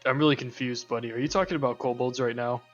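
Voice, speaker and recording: A man chimes in as a tabletop game player in a flat, offhand way. His voice sounds muffled and lo-fi, with faint music in the background. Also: mid-range voice, fast.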